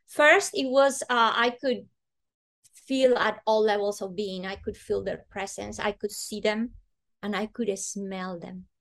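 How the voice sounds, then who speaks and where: A woman's voice: medium pitch, steady tone, a little slow, a bit bright. A woman guest earnestly telling a personal story in conversation, acting out the voices she quotes.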